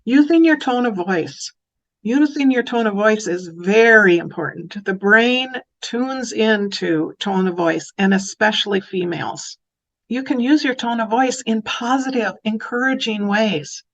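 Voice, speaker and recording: Female educator, lesson delivery, mid pitch, slightly dull lo-fi recording. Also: unhurried. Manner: warm, animated when acting out phrases to children. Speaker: early childhood educator. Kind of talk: educational talk.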